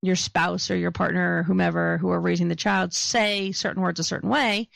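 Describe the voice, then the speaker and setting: A woman's voice: on the low side, steady tone, brisk, vocal fry, a bit bright, dry recording. A woman with a Philadelphia accent, a podcast co-host chatting casually and joking as she goes. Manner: chatty, joking, laughs often. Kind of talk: casual chat.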